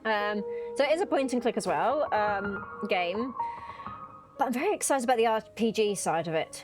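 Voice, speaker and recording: A woman's voice: fairly high pitch, animated, moderate pace. A young woman giving chatty, giggly commentary on a game she is playing, swearing casually. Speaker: gaming video creator. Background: game music.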